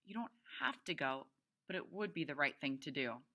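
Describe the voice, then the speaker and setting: Teacher reading a soft proper grandma, kinda prim, low voice. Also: female voice, lively intonation, normal speed. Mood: gentle. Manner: gentle, prim.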